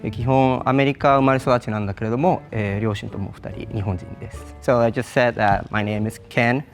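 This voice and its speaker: A man's voice: mid-range voice, fairly even intonation, very fast, faint music behind. A middle-aged man from the San Diego area, talking thoughtfully in a casual group discussion. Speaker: panel participant.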